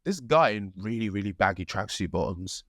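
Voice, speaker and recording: A man's voice: fairly low pitch, animated, normal speed, fairly bright tone, no room sound, studio quality. A young man, co-hosting a podcast, who talks earnestly and rambles, often tagging his points with "right?" and "like". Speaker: podcast co-host. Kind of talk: casual conversational storytelling.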